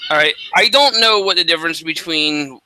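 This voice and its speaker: A man co-hosting a casual radio talk show, speaking in a halting way with many restarts and fillers. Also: on the high side, sharp tone, no room sound, low-quality recording. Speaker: podcast co-host. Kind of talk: casual chat.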